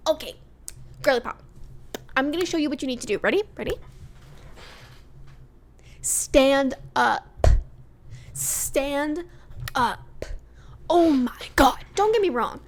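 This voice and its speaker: A young woman chatting casually in a rambling, animated way, with sassy outbursts. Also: high voice. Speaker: YouTuber reviewing a reality show.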